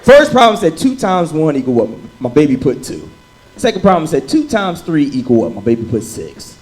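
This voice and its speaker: Animated man doing stand-up. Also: on the high side, normal speed, slight background noise, rough recording. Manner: animated storytelling, shouting into bits. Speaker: stand-up comedian. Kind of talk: stand-up comedy set. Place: comedy club stage with live audience. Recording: live room with loud crowd laughter.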